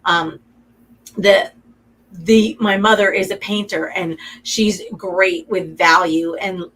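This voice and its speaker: A woman's voice: mid-range voice, a bit bright, slight background noise, poor audio. A middle-aged woman, a guest artist in a radio interview, talking in a chatty, effusive way and getting emotional.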